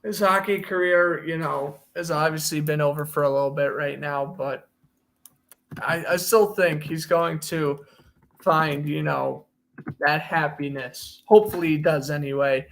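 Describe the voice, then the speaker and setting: A man's voice: fairly high pitch, steady tone, measured pace, gravelly, a bit bright. A young man co-hosting a casual sports chat, opinionated and jokey as he runs through player news. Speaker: podcast co-host.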